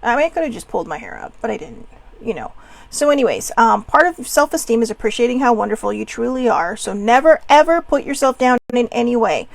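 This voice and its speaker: A woman's voice: on the high side, lively intonation, fast, gravelly. A middle-aged woman hosting a casual self-care talk, chatty and encouraging, with self-mocking asides. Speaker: self-care show host.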